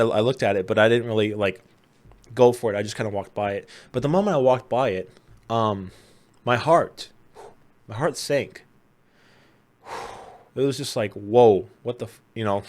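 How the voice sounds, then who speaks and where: A man hosting his own video, telling a personal story in a casual, earnest, conversational way. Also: medium pitch. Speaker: host.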